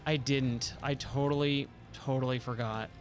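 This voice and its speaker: A man's voice: medium pitch, fairly even intonation, measured pace, faint music behind. A man streaming a driving game live, talking through his moves with a self-mocking, exasperated commentary and pleading with the game.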